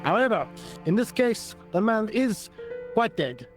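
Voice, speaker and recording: Give me an eager young sergeant, pitched very high. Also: male voice, sing-song, unhurried, soft background music. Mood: earnest. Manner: earnest, fussy, eager to please. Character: eager, bumbling young French police sergeant.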